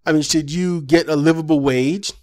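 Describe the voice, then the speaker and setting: A man's voice: a little high, steady tone, moderate pace. A man delivering an impassioned political commentary monologue, ranting with rhetorical questions.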